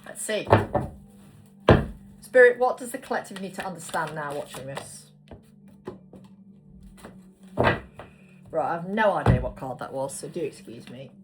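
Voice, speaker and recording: A woman's voice: sits low, lively intonation, unhurried, pauses often. A woman giving a casual tarot card reading, chatty and swearing casually as she talks. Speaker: tarot reader. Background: background music.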